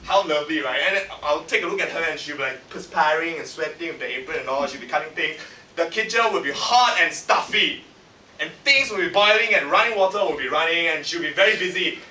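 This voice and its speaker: A man with a Singaporean English accent giving a humorous contest speech in a lively, punchy way that teases the audience, recorded in a function room by a far camera. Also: fairly high pitch, fairly quick, slight background noise. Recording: echoey hall from far off.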